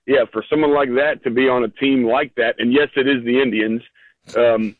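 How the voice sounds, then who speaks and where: A laid-back man weighs in as co-host on a sports talk show, halting and repeating himself as he talks. His mid-range voice comes through a tinny phone line, dry and close. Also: mid-range voice, fairly even intonation, dry recording.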